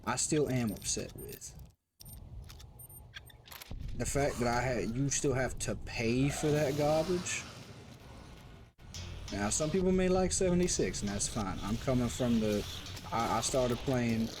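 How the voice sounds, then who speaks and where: A man's voice: mid-range voice, unhurried, long pauses, noisy background. Rambling man reviewing while playing. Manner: rambling and self-interrupting, talks to the game. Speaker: game reviewer and streamer. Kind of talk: casual commentary while playing.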